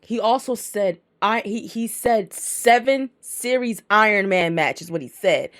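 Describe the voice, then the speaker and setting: A woman's voice: medium pitch, measured pace, hardly any pauses, fairly bright tone, dry recording, studio quality. A woman co-hosting a wrestling podcast, talking bluntly in casual chat and swearing freely. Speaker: podcast co-host.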